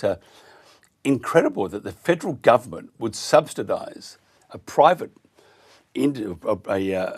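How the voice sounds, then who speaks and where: A middle-aged man with an Australian accent, hosting talk radio in an indignant, halting way with many fillers. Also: lowish voice, a little mellow.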